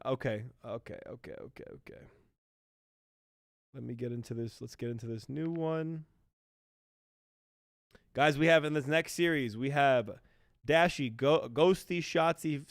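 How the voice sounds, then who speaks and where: A man casting an esports match on a livestream in a relaxed, chatty way, talking to his chat. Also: on the high side, no room sound, studio quality. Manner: laid-back, chatty, apologetic about the stream. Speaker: esports caster. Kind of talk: casual livestream commentary.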